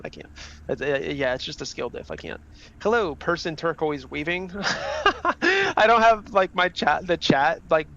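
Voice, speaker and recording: A man's voice: fairly high pitch, fairly bright tone, a little hiss or hum. A young man streaming a sim race, chatting casually with his chat, reading messages aloud and swearing freely. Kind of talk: casual livestream chat while racing. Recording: dull, slightly lo-fi stream audio.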